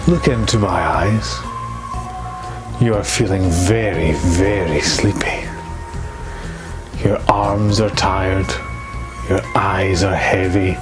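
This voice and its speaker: A man playing a pale, creepy ghostly hypnotist who drones slow sleepy commands in a comedy sketch. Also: sits low, steady tone, over music. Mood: hypnotic.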